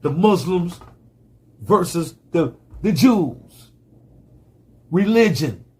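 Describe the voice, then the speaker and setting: A man's voice: sits high, expressive, drawn-out words, a little mellow, husky. A man giving a fiery, profane monologue full of rhetorical questions. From United States. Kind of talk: impassioned monologue.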